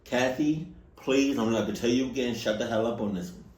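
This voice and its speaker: A man hosting a reaction video, joking loudly and then trailing off to mutters. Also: medium pitch, fairly quick, echoey room. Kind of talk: comedic reaction commentary.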